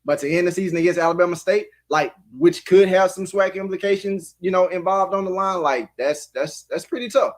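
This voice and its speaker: A man's voice: high voice, brisk, few pauses. Analytical male football show analyst. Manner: analytical, talks in restarts and fillers. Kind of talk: live sports talk show.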